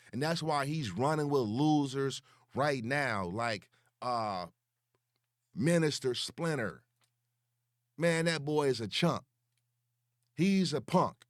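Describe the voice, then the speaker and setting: A young man, ranting slowly and profanely as he calls someone out online, repeating words for emphasis. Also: mid-range voice, no room sound, studio quality. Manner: slow, taunting and profane. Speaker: online commentator. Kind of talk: confrontational call-out rant.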